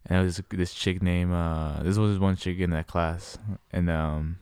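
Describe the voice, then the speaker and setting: A man's voice: deep voice, measured pace, smooth, no echo, clean studio sound. A young man telling school stories in casual, slangy chat, acting out the people in them. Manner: slangy storytelling, animated impressions.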